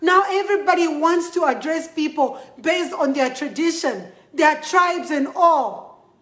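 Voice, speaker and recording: Angry Zambian woman vlogging straight to camera, high voice, slow, emphatic delivery. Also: expressive, fairly bright tone, reverberant. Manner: emphatic, repetitive, switching between English and a local language. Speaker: model addressing followers. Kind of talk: impassioned vlog to camera.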